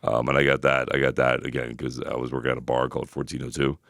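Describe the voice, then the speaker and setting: A man co-hosting a podcast, telling rambling, animated stories full of filler words. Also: extremely low pitch, fast, vocal fry, dry recording, studio quality. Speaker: podcast co-host. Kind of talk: casual storytelling chat.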